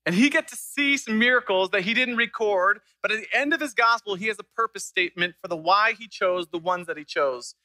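Bright, high-voiced young man preaching. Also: a little fast, hardly any pauses, dry recording, rough recording. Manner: animated storytelling, acts out quoted voices. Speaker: pastor. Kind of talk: sermon.

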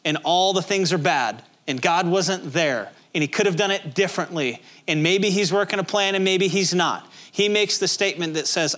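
A man's voice: high-pitched, animated, moderate pace, hardly any pauses, a bit bright. A male pastor preaching a sermon in a conversational, emphatic way, with many rhetorical questions.

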